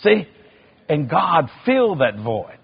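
A preacher man tells his story in a high, lively voice that leaps around in pitch and rises to shouts. His tone is husky. The recording sounds dull and muffled. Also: slow pace. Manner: animated, acts out sounds and voices, builds to shouting. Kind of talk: sermon storytelling.

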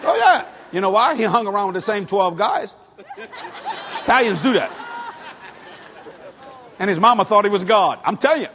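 Preacher, man, middle-aged, very high voice, lively swooping pitch, animated sermon storytelling, long hall reverb. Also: moderate pace, pauses often, a faint crowd, a little hiss or hum. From New Orleans, USA. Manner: animated storytelling with shouted bursts and chuckles.

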